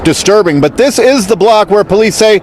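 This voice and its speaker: A male news reporter speaks in a measured, formal delivery on a live broadcast from a city street, his voice a touch higher than typical. Traffic and street noise run clearly under him. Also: animated, darkish tone.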